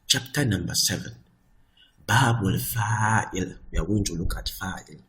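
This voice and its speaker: A man's voice: low-pitched, unhurried, a bit bright, rough recording. Man teaching grammar patiently. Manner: repeats "I hope that is clear", explains patiently step by step; slips between English and Arabic example sentences. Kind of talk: recorded grammar lesson.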